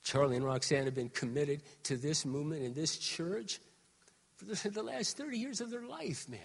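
A man in his sixties preaching a sermon as pastor, moving between quiet, confiding talk and loud, shouted exhortation. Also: a little high, normal speed, vocal fry, breathy edge, long reverb tail. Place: church sanctuary.

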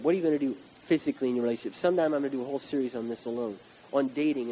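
A male preacher giving a blunt, emphatic sermon that rises to loud outbursts. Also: medium pitch. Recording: dull recording with background hiss.

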